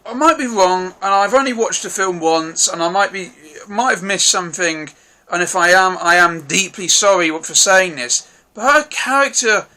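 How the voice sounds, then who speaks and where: A man giving a casual, rambling film review, frank and quick to swear, often hedging and apologizing in case he missed something. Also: sits high, pushed and bright.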